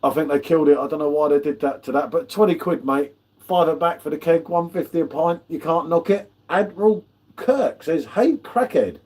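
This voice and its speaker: A man's voice: a little high, brisk, a little mellow. A man hosting a live beer tasting, chatting casually with matey banter and greeting viewers by name. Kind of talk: casual live-stream chat.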